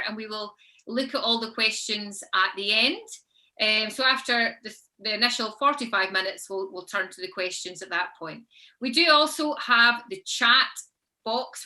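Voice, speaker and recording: A woman's voice: a little high, pushed and bright. A woman hosting an online book panel over a video call, chatty with frequent ums. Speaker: panel host.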